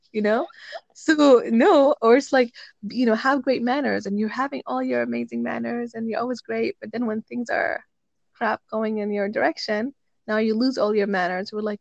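A woman and parent chatting casually, telling animated stories and acting out quotes. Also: on the high side, moderate pace, vocal fry, no echo, lo-fi sound. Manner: animated storyteller who acts out quotes. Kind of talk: casual chat.

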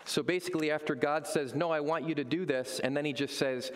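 Pastor preaching in a reverberant hall. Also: male voice, on the high side, brisk, hardly any pauses, slight background noise. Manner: animated storytelling, acts out voices. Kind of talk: sermon.

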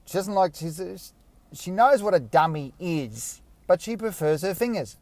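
A man's voice: sits high, animated, a little slow, a little mellow, no room sound. A man hosting his own podcast, chatting casually in a rambling, self-mocking way. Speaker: podcast host. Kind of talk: casual solo podcast monologue.

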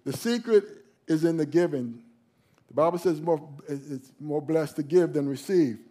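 A male pastor preaching a sermon, emphatic, slowing down and leaning on key phrases. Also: a little high, dark tone.

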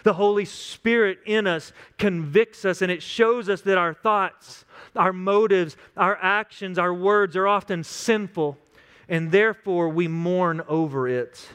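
A man in his thirties delivers a sermon with an earnest, pastoral manner, now and then slipping into small acted-out quotes. His voice sits high and sounds smooth and resonant. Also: a little slow, a bit bright.

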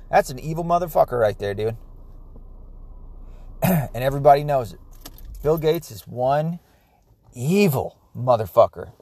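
A man hosts his own podcast in a casual solo monologue, ranting in a rambling, profane way. His voice is medium in pitch and a little mellow.

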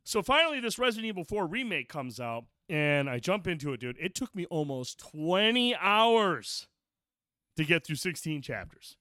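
Bright-voiced man ranting casually. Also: on the high side, big pitch swings, normal speed, dry recording, studio quality. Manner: profane, rambling storyteller. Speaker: podcast co-host. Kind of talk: casual chat.

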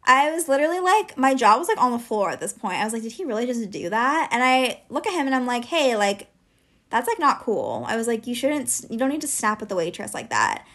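Speaking a little fast in a slightly high, sing-song voice with a fairly bright tone, a podcast co-host in her twenties chats casually through a long personal story. She leans heavily on "like" as a filler.

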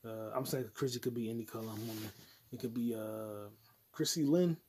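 A podcast host with a mid-range, mellow, slightly rough voice speaks at normal speed on his solo show. He rambles crudely and profanely, jumping between topics and putting on mock voices.

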